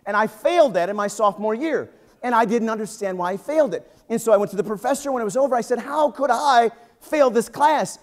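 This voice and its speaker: A man in his fifties, a pastor preaching a sermon in a church, telling jokes and stories with lively, animated energy. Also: high-pitched, fast. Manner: energetic, joking, animated storytelling. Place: church sanctuary.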